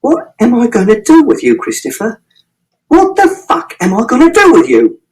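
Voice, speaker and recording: A man reading as an angry, exasperated middle-aged father, speaking low and clipped and swearing at his son. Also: very animated, normal speed, low-quality recording. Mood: furious. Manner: low, clipped, swearing through gritted teeth.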